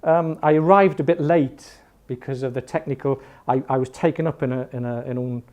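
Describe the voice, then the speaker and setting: A man's voice: medium pitch, brisk, a little mellow. A man in his fifties with an educated Northern English accent, giving a chatty, jokey online class as an English teacher, often restarting his sentences. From Northern England. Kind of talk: informal online class talk.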